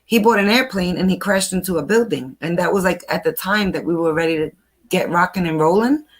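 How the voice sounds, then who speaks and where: A woman's voice: lowish voice, brisk, breathy edge. Chatty older New woman. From New York. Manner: chatty, animated storyteller. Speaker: host. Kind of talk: casual chat.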